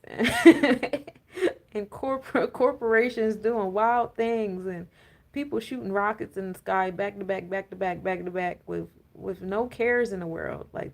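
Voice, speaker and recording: A woman's voice: mid-range voice, vocal fry. A woman giving a casual, rambling astrology and tarot talk, full of fillers and laughing rants. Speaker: spiritual coach and tarot reader.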